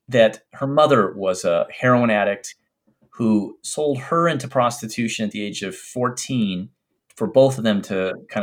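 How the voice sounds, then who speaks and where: A middle-aged man, a doctor, telling a personal story in an interview in an earnest, reflective, halting way. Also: fairly low pitch. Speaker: infectious disease doctor.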